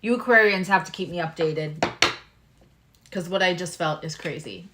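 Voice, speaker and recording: A woman doing a live-stream tarot reading, talking to her viewers with lively exclamations and asides. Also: lowish voice, moderate pace, noisy background. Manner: animated, talks to viewers, exclamations. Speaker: tarot reader.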